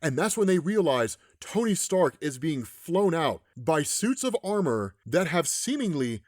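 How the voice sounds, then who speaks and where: A man recapping a comic story in casual commentary, animated and often tagging lines with "right?". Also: fairly high pitch, measured pace, dry recording, clean studio sound. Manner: animated, keeps adding "right?". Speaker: comics explainer.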